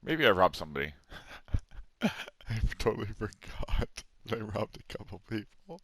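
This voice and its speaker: A man's voice: on the low side, wildly swooping pitch, moderate pace, a bit bright, faint music behind. A middle-aged man casually commentating a video game, rambling, amused at himself and chatting to his viewers. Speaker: let's play host.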